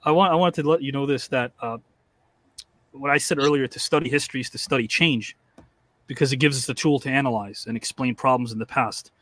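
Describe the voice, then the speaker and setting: A man hosting a live online show, speaking in a formal, measured, reflective way over a video call. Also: medium pitch, a bit bright. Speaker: host.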